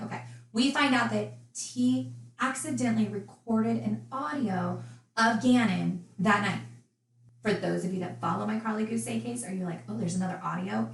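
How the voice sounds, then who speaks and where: A woman's voice: fairly high pitch, echoey room, low-quality recording. A woman casually recounting a true crime case, chatty and indignant in her asides.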